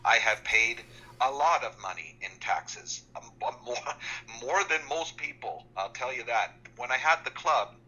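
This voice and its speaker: A Canadian man calling in over the phone, speaking in a measured, matter-of-fact way. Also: medium pitch, lively intonation, sharp tone, breathy edge. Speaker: caller. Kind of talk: casual chat. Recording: tinny phone line.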